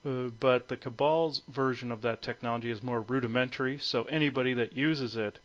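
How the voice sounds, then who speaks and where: A man joins a conference call as a guest, speaking a little fast in a medium-pitched voice with fairly even intonation. He sounds hesitant, with lots of fillers and restarts, over muffled lo-fi phone audio.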